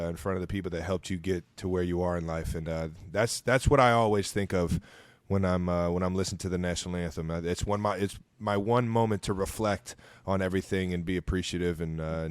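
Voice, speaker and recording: A man's voice: deep voice, fairly even intonation, fast talker, dry recording. A man in his thirties, a podcast co-host talking casually and earnestly with his family. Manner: playful, joking, then earnest. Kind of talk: casual chat.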